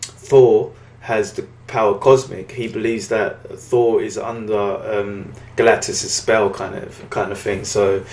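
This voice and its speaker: A man's voice: on the low side, fairly even intonation, unhurried, few pauses, a little mellow, echoey room. A man casually recapping a comic book story on a podcast, rambling and acting out the characters' lines. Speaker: podcast co-host.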